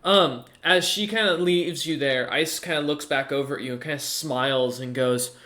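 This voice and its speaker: A man's voice: a little high, normal speed, bright, forceful tone. A man running a tabletop game as game master, narrating in a hesitant way full of fillers and restarts.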